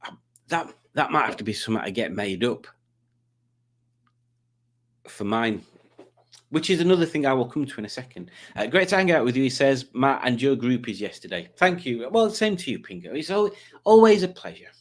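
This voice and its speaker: A man's voice: mid-range voice, sing-song, normal speed, long pauses. A man hosting a livestream in casual chat, reading out viewer comments in a rambling, jokey way. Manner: rambling and jokey, with frequent ums and self-corrections. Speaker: livestream host.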